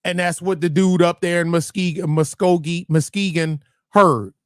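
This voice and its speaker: A man's voice: sits high, fairly even intonation, measured pace, clean tone, dry recording, studio quality. A man hosting a livestream, talking bluntly and profanely in rambling commentary that keeps restarting phrases. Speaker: livestream host.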